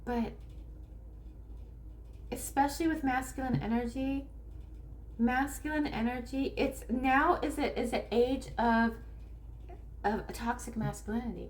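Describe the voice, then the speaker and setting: A woman with a high, steady voice, recorded with slight background noise, speaks casually to camera. She's a Northern California spiritual coach and tarot reader who rambles, restarts, acts out quotes, and slows down for her key points.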